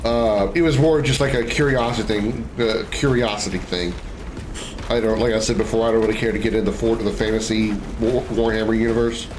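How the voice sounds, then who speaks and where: A man's voice: on the low side, steady tone, a little fast, noisy background. A man casually commenting while streaming a game, rambling and offhand, now and then swearing.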